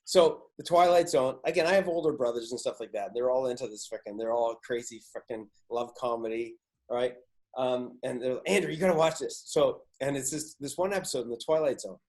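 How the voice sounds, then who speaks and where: An excitable man hosts a podcast, spinning stories in loose, casual chat. He swears freely and leans hard into the telling. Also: mid-range voice, a little fast. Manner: excitable, swears a lot, animated. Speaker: podcast host.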